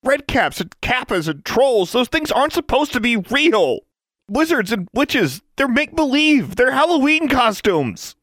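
A man voicing a scared, angry eleven-year-old boy in an audiobook, straining high when he shouts. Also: big pitch swings, moderate pace, dry recording, clean studio sound. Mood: shouting.

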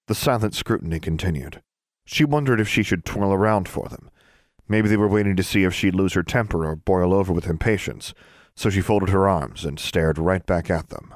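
A man narrating a story as an audiobook reader, in an expressive storytelling manner. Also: low voice, a little fast, no echo, studio quality. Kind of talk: scripted narration.

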